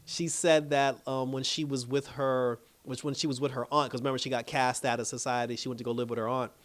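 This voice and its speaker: A man's voice: medium pitch, flat delivery, brisk. A man casually recapping a drama episode. He swears freely, laughs often and acts out the characters' lines in playful voices. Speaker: TV show reviewer.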